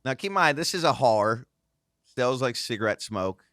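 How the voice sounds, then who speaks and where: A man in his thirties telling a casual, animated story on a podcast, acting out the voices of the people in it. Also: mid-range voice, normal speed, no echo, studio quality. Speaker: guest host, former racing driver.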